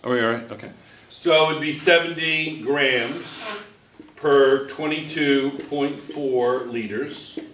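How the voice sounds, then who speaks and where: Slow-talking teacher man in an echoey classroom. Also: mid-range voice, fairly bright tone, slight background noise. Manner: coaxing, asks rapid questions to the class. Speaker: chemistry teacher. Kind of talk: classroom review lesson.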